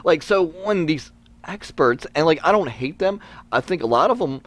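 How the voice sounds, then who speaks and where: A man's voice: a little high, animated, normal speed, fairly bright tone. A man, a guest, talking earnestly and repeating himself with restarts. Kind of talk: casual chat.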